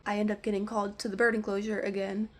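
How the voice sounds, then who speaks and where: A woman vlogger telling a ranting storytime about her work, animated and full of "like". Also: mid-range voice, fast. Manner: animated, heavy use of "like". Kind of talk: storytime rant.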